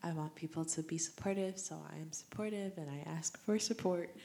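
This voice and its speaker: A young woman hosts her own podcast, speaking alone in a casual, heartfelt way. Her voice sits a little low and carries a gravelly fry. She rambles and reflects as she goes. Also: brisk, warm tone. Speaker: podcast host. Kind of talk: casual solo podcast monologue.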